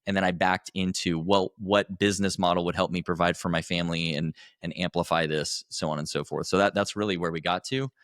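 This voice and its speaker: A man with a very low voice talks earnestly as a podcast guest, circling back and restarting his thoughts. The sound is dry and close. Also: steady tone, a little fast, few pauses, a bit bright, no room sound. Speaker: podcast guest, coach for husbands. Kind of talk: conversational interview.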